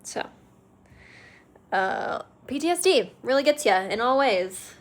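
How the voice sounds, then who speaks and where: High-voiced young woman venting in a car. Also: lively intonation, slow, low-quality recording. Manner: frank and profane, venting. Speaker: vlogger. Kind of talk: casual vlog talk. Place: car, driving.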